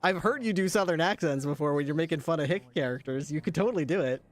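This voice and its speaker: A man chatting casually while streaming a police role-play game, joking and thinking out loud. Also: fairly high pitch, fast. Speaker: streamer playing a police officer. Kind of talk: casual chat while gaming.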